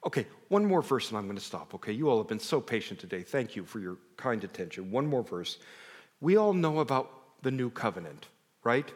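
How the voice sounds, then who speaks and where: A man's voice: mid-range voice, very animated, brisk. A middle-aged man preaching a conversational sermon to a congregation, telling personal stories with self-deprecating asides. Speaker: pastor. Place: large hall before a congregation. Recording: long hall reverb.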